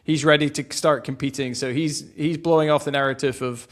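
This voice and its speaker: A man co-hosting a podcast, calmly laying out facts in a casual chat and laughing along with his partner. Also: fairly high pitch, a little fast. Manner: relaxed, steady, walks through facts, laughs along. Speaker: podcast co-host. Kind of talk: casual golf history chat.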